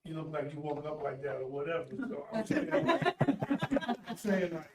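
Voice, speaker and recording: A man's voice: fairly high pitch, unhurried, very noisy. A man in the audience asking a hesitant question, searching for his words, heard faint and distant from the mic.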